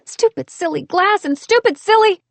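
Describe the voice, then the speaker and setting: A woman's voice: lively intonation, brisk, dry recording. A woman as a flustered, exasperated young woman. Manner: high, exclamatory, exasperated.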